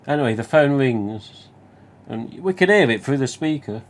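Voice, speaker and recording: A man's voice: mid-range voice, expressive, normal speed. Sweary Nottingham man telling a story. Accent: Nottingham English. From England. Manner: rambling and sweary, with restarts. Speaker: live stream host. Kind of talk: casual storytelling.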